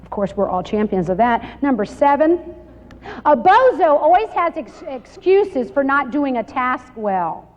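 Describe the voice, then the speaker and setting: A woman giving a lively Bible study talk to women, laughing often and acting out quoted exchanges, recorded on muffled 1990s video in a large hall. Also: high voice, unhurried. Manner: animated, laughing, acts out little quoted exchanges.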